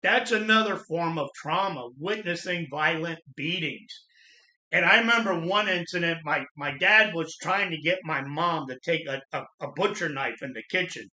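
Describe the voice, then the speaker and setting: A middle-aged man hosting his channel, earnestly telling his own life story in a plain-spoken, halting way. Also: a little high, bright, forceful tone. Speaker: channel host sharing personal trauma story. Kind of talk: personal storytelling monologue. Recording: echoey room.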